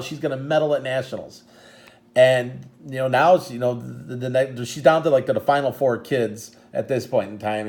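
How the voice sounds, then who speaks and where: A man's voice: mid-range voice, darkish tone. A middle-aged man, a father and karate coach, telling a long story in a rambling, emotional way, often restarting his sentences. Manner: rambling, full of restarts, gets choked up. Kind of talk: casual storytelling to camera.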